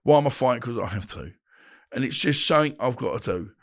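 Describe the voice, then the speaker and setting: A man's voice: mid-range voice, quick pace. A man, telling stories in an interview and acting out the voices of people he quotes. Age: 50s. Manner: animated, acts out phone calls and quarrels in changing voices. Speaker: podcast guest, boxer. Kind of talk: storytelling interview chat.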